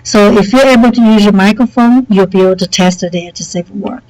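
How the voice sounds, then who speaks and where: A woman teacher with a headset mic walks students through software setup in a relaxed, chatty way, saying okay often. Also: medium pitch, fast, rough recording. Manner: relaxed and chatty, many okays and fillers. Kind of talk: screen-recorded software tutorial.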